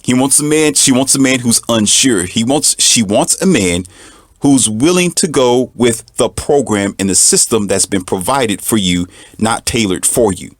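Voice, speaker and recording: A man delivering an emphatic, preachy monologue, repeating lines for effect and mocking others in a high put-on voice. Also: unhurried, dry recording, clean studio sound. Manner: mocks others in a high mincing voice. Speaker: commentator. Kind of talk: monologue to the camera.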